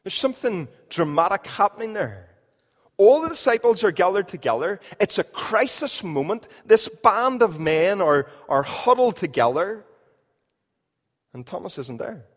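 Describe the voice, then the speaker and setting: A man preaching a sermon in a church, emphatic, repeating key phrases and swinging between loud and quiet. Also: high voice, very animated, a little slow, long reverb tail. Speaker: pastor.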